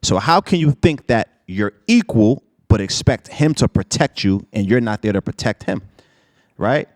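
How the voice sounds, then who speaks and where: A man's voice: on the low side, animated, moderate pace, dry recording, clean studio sound. A man co-hosting a casual discussion, making his case assertively with rhetorical questions.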